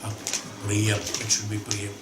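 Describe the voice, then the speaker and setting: In an echoey room with background hum, a man teaches a scripture discourse as a spiritual teacher. His voice is fairly low, monotone and slow, yet he's emphatic, repeating phrases and asking rhetorical questions.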